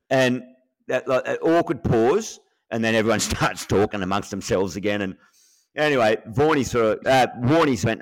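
A man, a podcast co-host, telling an animated story in a casual chat, laughing and acting out quotes. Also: on the low side, moderate pace. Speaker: co-host, former cricketer.

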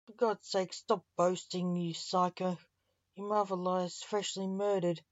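Woman voicing a gruff grieving coroner man. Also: high-pitched, little pitch movement, a little slow, no echo, lo-fi sound. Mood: snapping. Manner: gruff, snapping. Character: grumpy grieving male hospital coroner.

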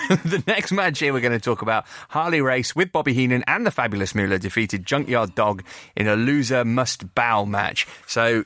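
A man's voice: medium pitch, a bit bright, no echo. A man hosting a podcast, chatting casually and wryly in a wrestling review. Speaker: podcast host. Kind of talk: casual wrestling review chat and host reads.

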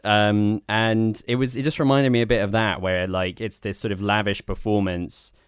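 A man with a low, smooth voice co-hosts a film podcast, chatting wryly and wandering through his points with frequent restarts. The sound is dry and close to the mic, with no room echo. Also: fairly even intonation, moderate pace. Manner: rambling, wry, full of restarts. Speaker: podcast co-host. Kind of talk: casual film review chat.

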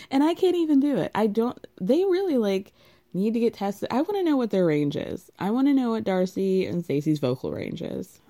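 A woman's voice: a little high, sing-song, moderate pace, mellow. A woman with a contralto voice giving a sarcastic, gossipy recap of a reality TV show in a casual way.

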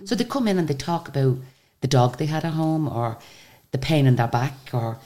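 An Irish woman telling a story as an interview guest, chatty and animated, full of asides and restarts. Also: low-pitched, moderate pace. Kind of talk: conversational storytelling.

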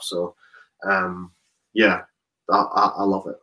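A young man with a lowish voice talks through his rugby career in an easy, rambling way. He circles back on himself often, with plenty of "like" and "um" along the way. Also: level tone, moderate pace, sharp tone, poor audio. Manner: casual, rambling with many fillers and restarts. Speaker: rugby player guest. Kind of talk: casual interview chat.

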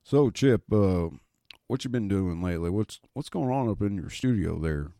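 A man's voice: fairly low pitch, animated, moderate pace, creaky, mellow, no echo. A man hosting a comedic radio show as fill-in, rambling and wisecracking. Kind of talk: comedic radio play narration.

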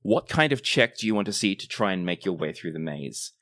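Man, very low voice, game master, describing scenes steadily. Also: very animated, a bit bright. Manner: descriptive, measured scene-setting. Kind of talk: narrating a tabletop game.

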